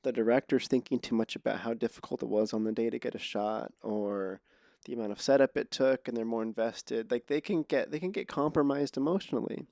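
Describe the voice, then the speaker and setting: A man hosting a casual podcast conversation, sarcastic and quick to laugh, often restarting his words. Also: mid-range voice, creaky, darkish tone, dry recording, studio quality. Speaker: podcast host.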